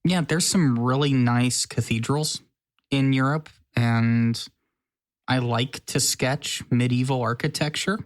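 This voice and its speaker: A man co-hosting a podcast in casual chat, relaxed and teasing. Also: medium pitch, takes it slowly. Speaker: podcast co-host.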